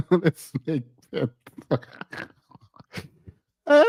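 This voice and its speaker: A man's voice: sits high, animated, slow pace, no room sound. A man co-hosting a livestream, chatting casually and teasingly with viewers, laughing often and repeating phrases. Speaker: livestream co-host.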